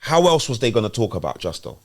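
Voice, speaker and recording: A rapper talks on a podcast in a lowish voice, pressing his points with an emphatic, persuasive drive. His pitch rises and falls a great deal as he argues. The talk stays casual throughout. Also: sing-song, fast talker. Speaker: rapper and guest. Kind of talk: casual chat.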